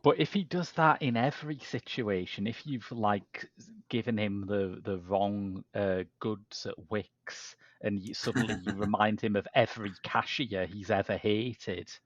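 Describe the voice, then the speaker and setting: A man's voice: fairly even intonation, a little slow, hardly any pauses, no room sound. A man hosting a podcast, chatting casually about a film in an English way of speaking, with frequent restarts and asides. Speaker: podcast host. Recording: dull dry low-fidelity podcast audio.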